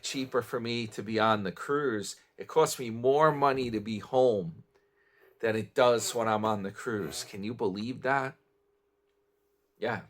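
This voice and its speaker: Low-voiced man rambling casually. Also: fairly bright tone. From New York. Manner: chatty, meandering, trails off and restarts. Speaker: vlogger. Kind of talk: casual rambling morning chat.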